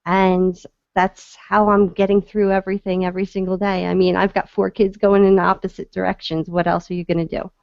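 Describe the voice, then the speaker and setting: A woman's voice: medium pitch, flat delivery, a little fast, creaky, hardly any pauses, no echo, muffled recording. Earnest woman telling a story. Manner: earnest, with frequent restarts. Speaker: guest speaker, court advocate. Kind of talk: casual storytelling talk.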